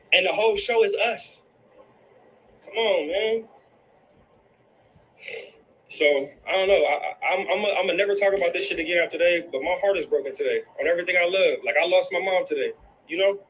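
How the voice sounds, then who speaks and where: A man with a high voice rants fast and hard, swearing and circling back to the same points. He keeps throwing "bro" into his lines, and there is a faint hiss under him. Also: a bit bright, rough recording. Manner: angry, profane, repeats himself, keeps saying "bro". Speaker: guest in a livestream clip. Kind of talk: heated personal rant.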